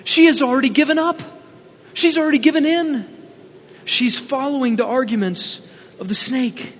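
A man's voice: very high-pitched, moderate pace, a bit bright. A man preaching an expository sermon in an earnest, explanatory way, asking rhetorical questions, in a church hall. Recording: dull, reverberant hall recording with faint hum.

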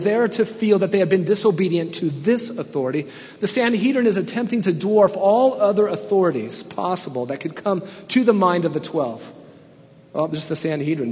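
A man preaching verse by verse, his voice raised a little higher than most men's. He swings from quiet explanation to loud, emphatic passages. The sound is slightly dull and rings with a long hall reverb. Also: a little hiss or hum. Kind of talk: expository sermon.

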